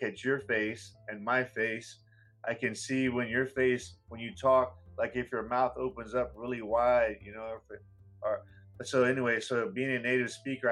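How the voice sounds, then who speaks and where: An American man who teaches English chats casually, rambling and leaning heavily on fillers like "you know." His voice is mid-range and a bit bright, captured on a low-quality recording.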